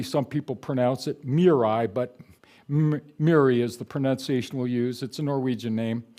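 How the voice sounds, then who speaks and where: A man's voice: mid-range voice, mellow. An older man, an author, giving a public book talk to a live audience in a conversational, digressive storytelling way.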